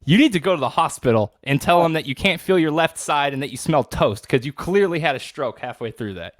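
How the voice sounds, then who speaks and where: Male co-host, high, lively voice, teasing and crude, dry close sound. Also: a little fast, no room sound. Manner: teasing, crude, laughing often. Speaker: podcast co-host. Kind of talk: casual comedic banter.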